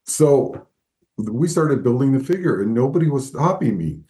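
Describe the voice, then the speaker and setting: A man guest in an interview, telling lively anecdotes and acting out the people he quotes. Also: medium pitch, normal speed. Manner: animated storyteller, acts out quoted voices. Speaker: guest, former Disney figure animator. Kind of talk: storytelling interview.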